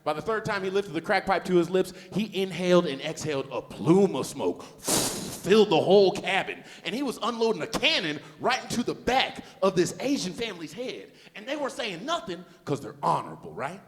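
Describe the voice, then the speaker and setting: Male stand-up comic from Los Angeles with a high, very lively delivery and a slangy, self-mocking style, live on stage in a reverberant hall. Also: brisk, hardly any pauses. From Los Angeles, USA. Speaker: stand-up comedian. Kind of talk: stand-up comedy set. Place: comedy festival stage.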